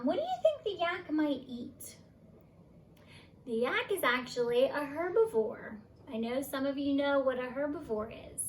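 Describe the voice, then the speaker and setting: A woman teaching young children, reading a story and leading a letter lesson with clear, sing-song prompts. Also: high-pitched. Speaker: preschool teacher. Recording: roomy, distant mic, faint background hum.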